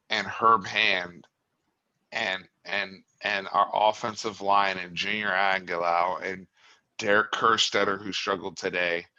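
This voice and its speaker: A man hosting an instant-reaction sports talk show, a frustrated fan venting about the game, at times raising his voice to a yell. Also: deep voice, highs cut off. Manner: impassioned, builds to yelling.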